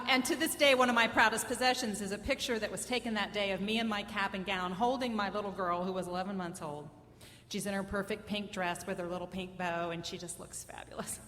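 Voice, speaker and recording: A woman's voice: medium pitch, bright, forceful tone. Woman in her 50s telling a story live on stage, wry and chatty, big hall echo, faint room hum behind. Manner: conversational, wry and self-mocking.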